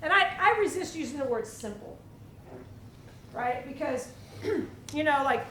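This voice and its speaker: A woman leading a percussion clinic for students in a school hall, energetic, asking the room questions and demonstrating. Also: high-pitched, unhurried, a little hiss or hum. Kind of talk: teaching a drum clinic to students. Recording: echoey hall, mic at a distance, drumming behind.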